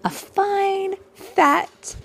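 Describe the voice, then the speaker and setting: A woman voicing a gentle loving mother of two boys in a storybook, speaking softly with breathy whispers. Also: very high voice, very slow, a little hiss or hum, voice pushed up, full character voice. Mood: tender. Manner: soft, tender, partly whispered.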